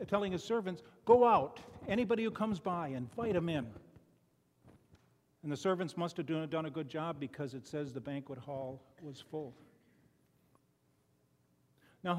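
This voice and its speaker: Older man preaching folksy sermon in hall. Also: fairly high pitch. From Chicago. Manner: folksy, conversational, frequent restarts and "you know". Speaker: lay preacher. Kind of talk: sermon with personal stories. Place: church sanctuary.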